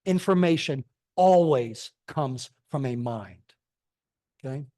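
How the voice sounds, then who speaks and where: A man's voice: medium pitch, slow pace, warm tone. A middle-aged man giving a church talk on science and faith, emphatic and full of rhetorical questions, often checking in with "okay?". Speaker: guest speaker at a church. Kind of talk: sermon-style lecture on science and faith. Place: church sanctuary.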